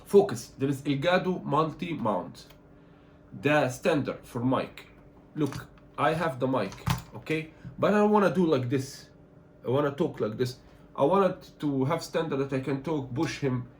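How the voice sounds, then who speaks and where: A man from Egypt, not an English speaker, talking through an unboxing as a tech reviewer, animated and complaining in loose phrasing. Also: mid-range voice, slight background noise. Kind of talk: casual unboxing vlog.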